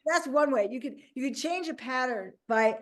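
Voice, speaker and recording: Woman host and life coach, casual interview, animated delivery, pitched a bit high. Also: moderate pace. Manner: animated, acts out little quoted voices.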